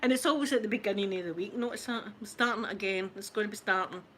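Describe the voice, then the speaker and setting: A Scottish woman in her forties hosts an ASMR channel and chats casually with viewers, telling stories, mocking herself and laughing often. Her mid-range voice is a bit bright and she talks fast, with slight background noise.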